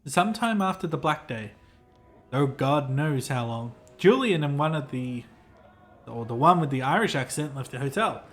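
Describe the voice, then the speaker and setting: A man's voice: mid-range voice, lively intonation, normal speed, lightly acted. A man voicing a pompous, self-important male hotel clerk in a game, reading the lines aloud in a formal, fussy, theatrical manner.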